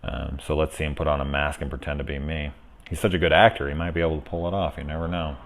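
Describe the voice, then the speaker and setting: A man casually talking through a spoiler film review, rambling and profane, with animated asides. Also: a bass voice, fast.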